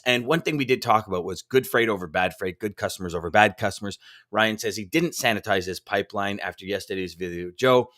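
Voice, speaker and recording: A man's voice: on the low side, a bit bright. A man co-hosting a live sales show, reading viewer comments aloud and cheering them on with enthusiasm. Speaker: podcast co-host.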